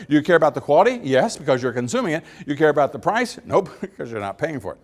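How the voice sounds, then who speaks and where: A middle-aged man gives a folksy speech, talking fast with hardly any pauses in a fairly high voice. An animated storyteller, he acts out little dialogues and chuckles at his own jokes.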